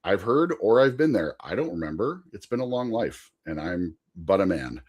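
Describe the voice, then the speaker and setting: A young man telling a rambling, funny anecdote as a podcast guest, his pitch swinging up and down through the story. He laughs often and keeps the tone casual. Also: sing-song, moderate pace, darkish tone, husky.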